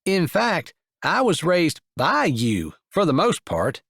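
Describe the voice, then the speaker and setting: A man's voice: on the high side, huge pitch swings, takes it slowly, vocal fry, fairly bright tone, no echo, clean studio sound, pitched above the performer's own voice, heavily acted. A male narrator voicing a playful, dramatic younger brother in an audiobook, speaking with a joking, smirking manner in a raised voice. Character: teasing, dramatic younger brother, adult man. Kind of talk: audiobook character voice.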